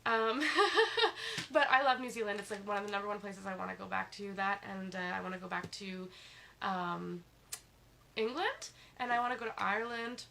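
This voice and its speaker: A woman's voice: mid-range voice, animated, normal speed, gravelly, pushed and bright. Chatty woman streaming from bed, noisy. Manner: chatty, reads viewer comments aloud. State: sick, slightly congested. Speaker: livestream host. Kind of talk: casual live stream chat. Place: in bed at home. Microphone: phone.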